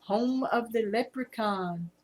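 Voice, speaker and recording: A woman's voice: fairly high pitch, slow. A woman in her fifties with a Southern US accent, casually chatting on a live stream and reading viewer comments aloud. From Virginia, USA. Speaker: livestream host.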